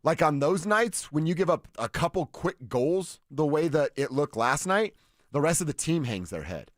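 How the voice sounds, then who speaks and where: A man's voice: fairly high pitch, sing-song, normal speed, dry recording. Man co-hosting sports radio, dry studio sound. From Colorado. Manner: conversational, thinks aloud with restarts. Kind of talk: casual sports talk. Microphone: studio mic.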